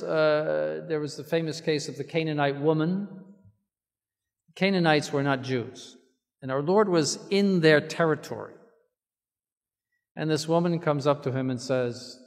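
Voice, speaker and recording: A man preaching a sermon as a bishop, earnest and slowing down to stress key words. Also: fairly high pitch, creaky, in a large hall.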